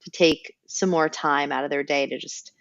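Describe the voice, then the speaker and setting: A woman's voice: low voice, fairly even intonation, normal speed, creaky, lo-fi sound. A woman co-hosting a morning talk show in a bubbly, chatty way. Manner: bubbly, chatty, uses "like" a lot. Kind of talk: casual chat.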